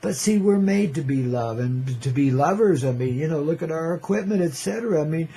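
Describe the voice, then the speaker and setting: A man's voice: a little high, lively intonation, brisk, dark tone, slightly rough. An older man hosting a radio show, rambling in a laid-back hippie drawl, often saying "man" and laughing. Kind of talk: rambling casual radio monologue.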